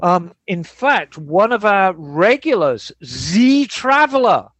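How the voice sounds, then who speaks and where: A man hosts a podcast in loose, rambling chat and answers listener mail. His voice sits high for a man. It is recorded close and dry, with no room sound. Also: slow pace, no echo. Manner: relaxed, rambling, reads listener emails. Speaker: podcast host. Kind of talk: casual chat.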